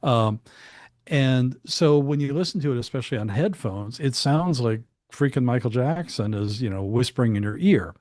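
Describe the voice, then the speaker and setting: A man at a medium pitch tells studio anecdotes in an easygoing, rambling way. He often restarts his sentences and adds asides. The recording is dry and close, with no room sound. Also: expressive, normal speed, darkish tone, dry recording. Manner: chatty, with frequent restarts and asides. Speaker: guest recalling studio work. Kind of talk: casual anecdotal storytelling.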